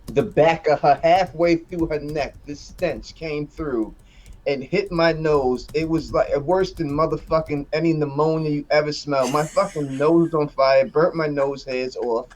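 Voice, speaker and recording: A man hosting a casual online chat, telling crude stories with plenty of swearing and laughter. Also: mid-range voice. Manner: boisterous, swears freely, laughs through stories. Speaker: podcast host.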